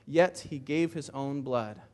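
A man's voice: medium pitch, slow, a little mellow. A pastor delivering an impassioned sermon, often repeating words as he builds his points. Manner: impassioned preaching with frequent word repeats.

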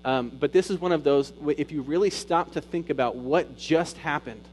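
A man preaching a sermon as pastor, rising to loud emphatic peaks and dropping to soft, intimate retelling. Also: on the high side, moderate pace, slight background noise, poor audio.

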